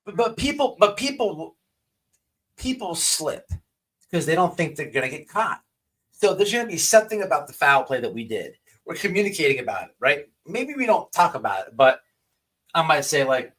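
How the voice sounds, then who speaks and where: A man's voice: a little high, sing-song, moderate pace, fairly bright tone, slightly rough. A man hosting a livestream who talks in a rambling, profane way, full of restarts. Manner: rambling with many restarts and stammers. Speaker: livestream host. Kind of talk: casual profane commentary.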